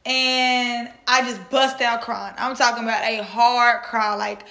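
Bright-voiced young woman telling a story. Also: on the high side, measured pace. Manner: animated, acts out quoted voices. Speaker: vlog host and author. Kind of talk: casual storytelling to camera. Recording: echoey room.

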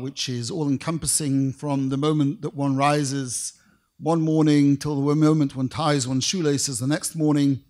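A middle-aged man lectures formally, pronouncing every syllable carefully. His voice sits somewhat high for a man, and he paces his anecdotes with measured pauses, halting fillers and dry wit. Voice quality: careful, precise diction. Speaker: rabbinic lecturer.

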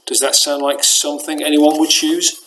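A man's voice: a little high, level tone, normal speed, fairly bright tone, a little hiss or hum, lightly acted, rough recording. A man voicing a cheeky, jokey hoofed creature in a storybook, with a casual slangy drawl. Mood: bitter.

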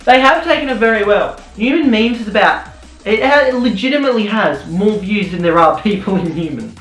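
A young man rants sarcastically through a jokey commentary, his voice jumping around as he mocks and riffs. The room rings with a clear echo, and soft music plays faintly underneath. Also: animated, a little fast. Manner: sarcastic, mock-ranting, jumpy pitch. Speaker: YouTuber commentator. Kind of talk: rambling comedic commentary.

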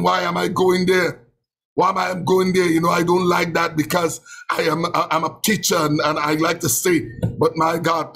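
A man's voice: sits high, gravelly, fairly bright tone, breathy edge, rough recording. A man with a Trinidadian accent preaching a sermon, impassioned and emotional, with many repeated exclamations of praise. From Trinidad and Tobago.

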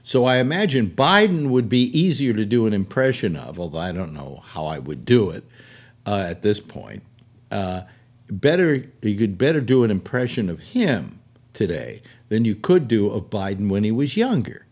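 A man's voice: lowish voice, big pitch swings, moderate pace, darkish tone. An older man hosting a casual chat, rambling with many restarts. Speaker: talk show host.

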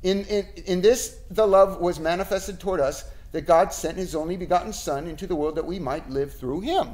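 A man's voice: high voice, moderate pace, darkish tone. A man teaching an informal Bible study in a small room, conversational and emphatic, often checking in with "right?".

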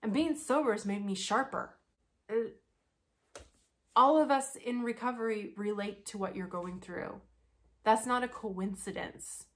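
A woman talking frankly in a casual commentary vlog, blunt and quick to laugh. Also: fairly high pitch. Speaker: commentary vlogger.

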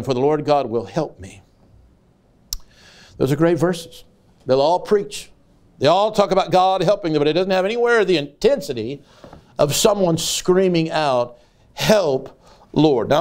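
Casting: older male evangelist, folksy then fiery, light high voice. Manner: folksy storytelling that builds to loud preaching cries. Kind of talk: sermon.

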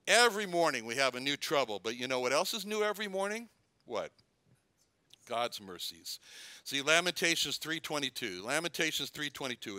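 A man's voice: on the high side, sharp tone, dry recording. An older man preaching a sermon, reading scripture aloud, repeating verse references and stumbling over repeated words.

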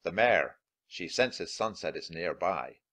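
Guy reading a firm low-voiced cowboy in a kids storybook, gives orders calmly. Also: slow pace, full character voice. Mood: commanding. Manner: low, steady, commanding. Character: gruff adult male cowboy guide.

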